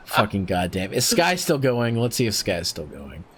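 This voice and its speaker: A man's voice: fairly low pitch, slightly rough. A man hosting a game stream in casual chat, swearing freely and laughing often. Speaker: streamer host.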